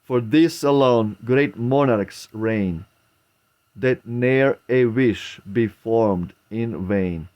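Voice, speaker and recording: A man reading the lines of a gentle, dutiful young prince in slow, archaic verse. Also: mid-range voice, lo-fi sound. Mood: tender. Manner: measured, archaic verse cadence.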